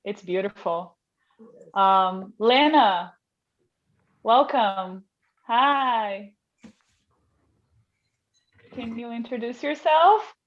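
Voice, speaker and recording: A woman's voice: fairly high pitch, animated, extremely slow, long pauses, dull audio. Woman hosting a video call panel. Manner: warm, welcoming, a little emotional. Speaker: panel host.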